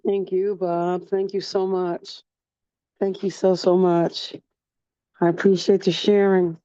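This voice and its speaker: Slow, effusive woman hosting an online sharing circle. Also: on the low side, flat delivery, mellow, dry recording, dull audio. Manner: effusive, repeats her thanks. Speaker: meeting facilitator. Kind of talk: casual group sharing.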